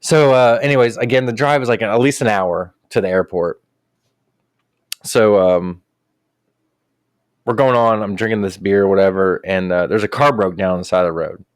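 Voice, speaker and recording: A man's voice: on the low side, normal speed, long pauses, clean tone, no echo, clean studio sound. Profane young man telling a wild story. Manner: profane, animated retelling with quoted voices. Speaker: podcast co-host. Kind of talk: casual storytelling.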